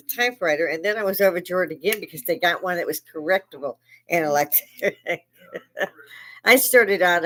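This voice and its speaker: A woman's voice: lowish voice, a bit bright, poor audio. Salty older woman spinning laughing stories. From Chicago. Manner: salty, laughs often, swears freely. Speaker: live-stream host. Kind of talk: casual storytelling chat.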